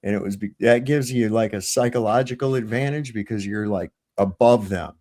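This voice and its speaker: A man's voice: lowish voice, a little fast, a little mellow. A middle-aged man telling a rambling, profanity-laced story as a guest on a livestream panel, over a remote call.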